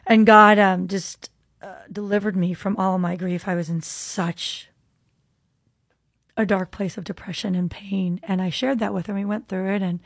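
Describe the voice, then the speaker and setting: Female podcast host with a gravelly voice, telling an earnest faith testimony in a dry, close recording. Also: mid-range voice, dry recording. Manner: earnest, heartfelt storytelling with many "um"s. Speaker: podcast host and jail minister.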